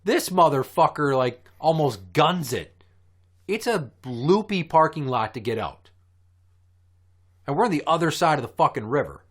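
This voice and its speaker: A podcast host, a man, telling a long profane story in casual chat, animated and quick to curse. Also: a little high, husky.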